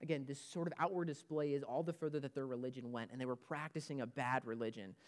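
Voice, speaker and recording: A man's voice: mid-range voice, fairly even intonation, quick pace. A man preaching a sermon as pastor of a church, emphatic and repeating his key points.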